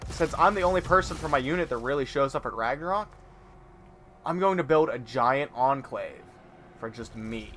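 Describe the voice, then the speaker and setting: A man's voice: fairly high pitch, fairly bright tone, a little hiss or hum. A man co-hosting a gaming show, casually telling a long story and often laughing mid-sentence. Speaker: co-host playing a video game.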